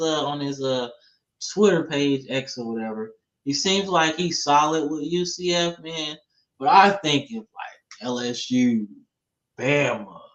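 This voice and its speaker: A podcast host with a medium-pitched, fairly bright voice runs a casual football talk show, laid-back and slangy, dropping "man" and "bro" throughout. He's on a streaming setup over a remote call, and the audio sounds dull and lo-fi.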